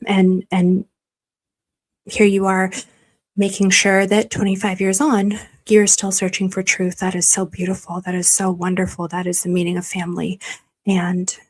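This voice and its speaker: A woman's voice: on the low side, little pitch movement, unhurried, darkish tone, slightly rough, dry recording. A woman hosting a casual livestream, reading viewer super chats, gushing and emotional, often trailing into a whisper. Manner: gushing and emotional, many restarts, drops to a whisper. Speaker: livestream host.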